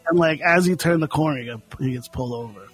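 A man's voice: fairly high pitch, quick pace, slightly rough, soft background music, rough recording. A man co-hosting a show, telling a story in a rambling way full of fillers like "like". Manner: filler-heavy, rambling, lots of "like". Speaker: podcast co-host. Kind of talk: casual storytelling chat.

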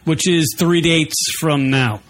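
A man's voice: fairly high pitch, takes it slowly, a bit bright, slight background noise. A man hosting a radio talk show, putting questions to the studio panel in joking banter.

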